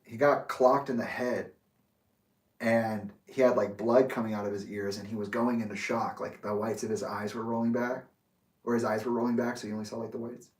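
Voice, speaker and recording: A man's voice: fairly low pitch, level tone, a little fast. A man casually telling a personal story in a rambling, profane way, laughing often. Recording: echoey room, mic far off.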